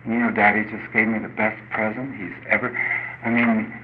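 An older man speaking at a recovery meeting, telling a personal story in an earnest, halting way with many restarts. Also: on the low side, level tone. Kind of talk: personal testimony. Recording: dull lo-fi recording with faint noise.

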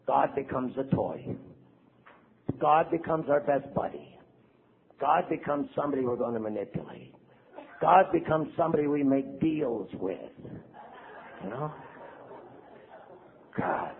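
Animated older priest on tinny audio. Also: male voice, sits high, gravelly, breathy edge. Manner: animated storyteller, acts out quotes, asks the audience "right?". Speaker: priest giving a recovery talk. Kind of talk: lively recovery talk to an audience.

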